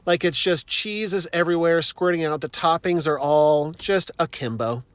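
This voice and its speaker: Middle-aged male vlogger, a bit high-pitched, profane, self-mocking storyteller, very dry sound. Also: normal speed, no room sound. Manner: profane, animated, self-mocking with frequent laughs. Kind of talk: casual storytelling.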